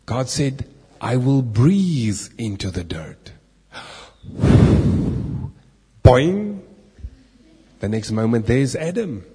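In a large, echoey hall, a preacher with a slightly high, husky voice leads a lively Bible lesson. He pauses to quiz his listeners and throws in playful asides, all under long reverb.

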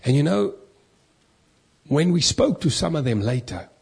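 A man's voice: fairly high pitch, very animated, a little slow, vocal fry, darkish tone, breathy edge. A male pastor preaching with an emphatic, repetitive cadence. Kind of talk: sermon.

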